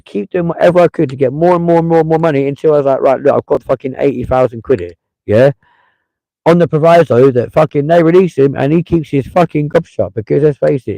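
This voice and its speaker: A man hosts a live stream, ranting in blunt, profane commentary. His voice is gravelly and low in tone. The sound is close and dry. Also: mellow, no echo, low-quality recording.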